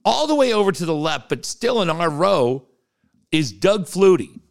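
A middle-aged man co-hosting a podcast, telling stories in casual chat, animated and profane, often laughing as he talks. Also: high-pitched, moderate pace, gravelly. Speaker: podcast co-host.

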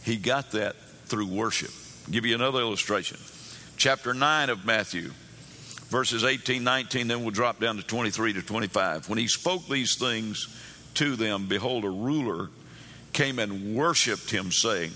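A man's voice: lowish voice, normal speed, pushed and bright. A man preaching a sermon, telling Bible stories and acting out the characters' pleas in a raised voice. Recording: long hall reverb.

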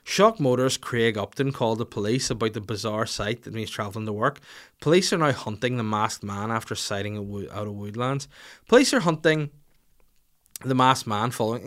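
A man's voice: medium pitch, animated, normal speed, fairly bright tone. A man, hosting a podcast in casual, rambling comic banter full of crude jokes. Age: 30s. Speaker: podcast host. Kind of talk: casual chat.

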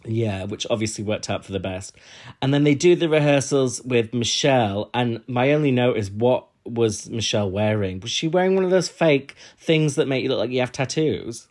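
A man's voice: mid-range voice, lively intonation, moderate pace, darkish tone. Chatty young man. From United Kingdom. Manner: chatty, rambling, laughs often. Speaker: podcast co-host. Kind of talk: casual chat.

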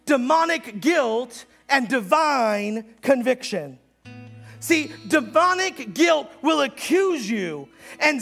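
A male pastor preaching a sermon, dropping to slow, quiet lines and then rising to loud, fast preaching, with many repeated words and restarts. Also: very high-pitched, big pitch swings, creaky, faint music behind.

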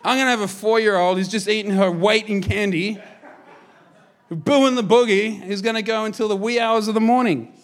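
A man in his thirties, a pastor, preaching a sermon in an energetic, jokey, conversational way. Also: high-pitched, normal speed.

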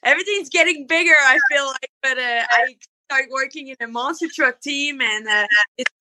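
A woman with a French accent talks through an interview. Her voice sits high and sounds very bright and forward. She is relaxed and hesitant, filling her pauses with soft uhs. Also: poor audio. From France. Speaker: monster truck driver. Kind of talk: interview answers.

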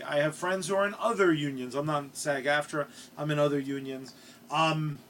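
A man's voice: high-pitched, bright, forceful tone, slight background noise. A male podcast co-host in casual comedic chat, rambling and hesitant, with crude jokes and many asides.

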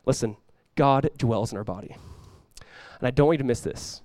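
A man's voice: mid-range voice, normal speed, a little mellow, no echo. A man preaching a sermon as pastor, talking casually with the congregation and rising into emphatic bursts.

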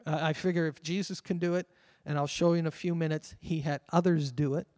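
Male pastor, high voice, earnest sermon delivery, long church-hall reverb. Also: steady tone, a little mellow. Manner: earnest preaching, slows down to read scripture aloud. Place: church sanctuary.

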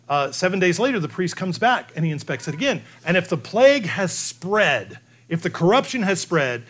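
A man delivering an expository sermon in a fairly high voice. His pitch swings widely from phrase to phrase. He presses his points emphatically and drops into slow, weighty phrases for effect. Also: a bit bright. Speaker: preacher.

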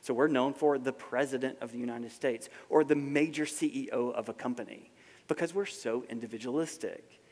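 Conversational pastor preaching in a reverberant hall. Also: male voice, mid-range voice, a little fast, darkish tone. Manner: conversational, asks the audience rhetorical questions. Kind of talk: sermon. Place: large hall with a live congregation.

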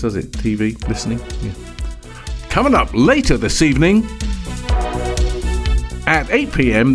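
A man reading mock TV continuity announcements in a wry, mock-formal tone. His pitch moves in lively swings, with faint music under him.

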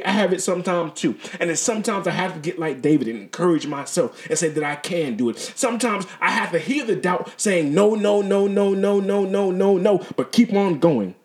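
A man's voice: high voice, animated, brisk, hardly any pauses. A middle-aged man hosting a podcast, talking earnestly in a motivational monologue that stumbles and repeats words. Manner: repetitive, stumbling, earnest and exhortative. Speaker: podcast host.

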